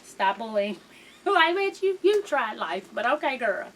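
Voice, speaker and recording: A woman's voice: high voice, sing-song, unhurried, a bit bright. A woman recapping a reality show in a casual, sassy, profane gossip style, acting out the people in her story.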